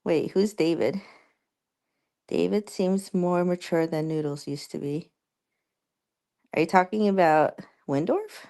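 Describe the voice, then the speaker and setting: Slow, creaky-voiced young woman streamer. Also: lowish voice, dark tone. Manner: rambling, halting, many fillers and restarts. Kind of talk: casual live-stream chat with viewers.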